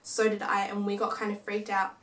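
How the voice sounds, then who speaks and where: A young woman vlogger casually tells a ghost story about a paranormal experience, animatedly acting out lines her family said. Her voice is mid-range and fairly quick. The mic is distant and the room echoey.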